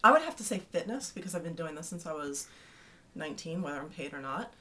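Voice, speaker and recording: Woman in her thirties, fan-newsletter host; chatty, teasing, a touch low-pitched. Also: animated, quick pace, pushed and bright. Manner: chatty and playful, teasing asides. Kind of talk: casual vlog to fans.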